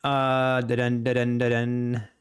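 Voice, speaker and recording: A man's voice: mid-range voice, completely flat delivery, slow, clear, resonant tone. A man hosting a day-trading livestream, chatting casually with his viewers, laughing often as he tells stories and comments on the market. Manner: chatty, laughs often, addresses chat directly.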